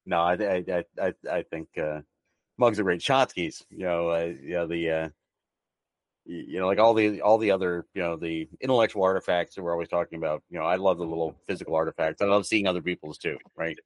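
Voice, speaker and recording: Man, low pitch, dry recording, casual co-host, halting, chuckling. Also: fairly even intonation, no echo. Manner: laughing, halting speech with many fillers. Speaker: podcast co-host. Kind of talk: casual chat.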